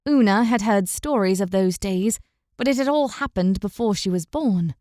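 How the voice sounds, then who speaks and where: A woman reading a fantasy audiobook as narrator, in steady, even storytelling. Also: medium pitch, normal speed, dry recording, clean studio sound. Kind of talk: scripted narration.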